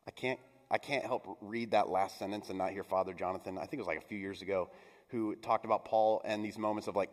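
A man's voice: on the low side, brisk. A middle-aged man giving a sermon as pastor, conversational, with playful asides and mock voices. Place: church sanctuary. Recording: long church reverb.

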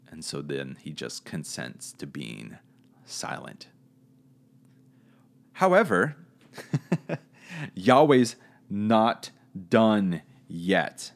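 Slow, low-voiced man teaching casually. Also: big pitch swings. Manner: conversational and searching, with hedges and self-corrections. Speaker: Bible teacher.

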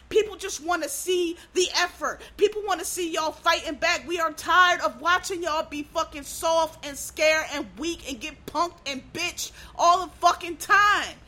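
A woman ranting in a blunt, heated comedic style, swearing constantly and swinging between loud outbursts and low muttering. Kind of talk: profane comedic rant.

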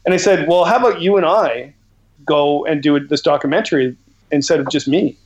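A middle-aged man from Canada talks as a guest on a podcast, rambling through his stories with an animated, laughing delivery. His voice sits a little higher than most men's. He sounds like he is calling in remotely. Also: brisk, highs cut off. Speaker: guest, outdoor educator and author. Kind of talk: casual podcast interview.

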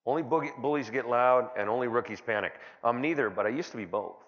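A middle-aged man doing a stand-up comedy set at a conference, telling rambling stories full of restarts and sudden loud bursts. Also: quick pace. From California. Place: conference hall. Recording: dull, boomy conference hall recording.

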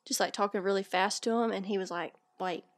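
A woman with a Southern US accent, co-hosting a podcast in casual chat, giggly and quick-talking with playful teasing. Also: medium pitch, fairly even intonation, no room sound, studio quality. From American South. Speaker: podcast co-host.

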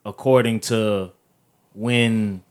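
A man's voice: fairly low pitch, fairly even intonation, drawn-out words, clear, resonant tone. A man co-hosting a podcast, talking in a laid-back way full of slang and agreement. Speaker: podcast co-host. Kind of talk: casual chat.

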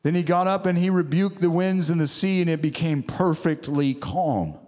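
A man delivers a sermon with fervent, exhorting energy, urging his listeners on again and again. His voice sits a little high for a man. The sound carries a long reverb from a large church hall. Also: normal speed, a little mellow. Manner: fervent, exhorting, often calls out "come on". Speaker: preacher.

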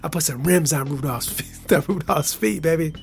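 A man's voice: fairly high pitch, moderate pace, vocal fry, faint music behind. Playful Michigan man rambling. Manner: playful, laughing, swings between loud hype and soft whispers. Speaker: podcast host. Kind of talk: casual monologue.

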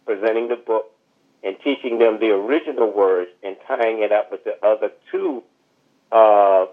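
A man tells a winding story as a podcast guest, full of asides and fillers. His voice sits a little low, and it comes through a thin, tinny phone line. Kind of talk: storytelling interview over the phone.

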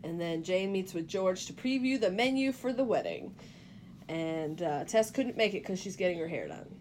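This podcast co-host has a lowish, sing-song, slightly mellow voice at a normal speed, with a bit of hiss or hum underneath. She casually recaps a film's plot, acting out the characters' quoted lines as she goes.

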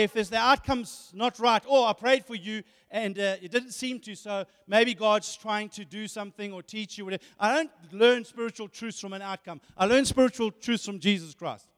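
In a sermon, a man with a very high voice preaches animatedly, firing off rhetorical questions and tripping over repeated words as he builds each point. A long hall reverb makes his voice ring out.

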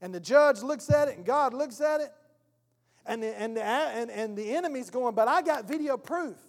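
A male pastor preaches with animated storytelling and acts out scenes. His voice is high, and it rings with long reverb through a church hall. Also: moderate pace. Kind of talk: sermon.

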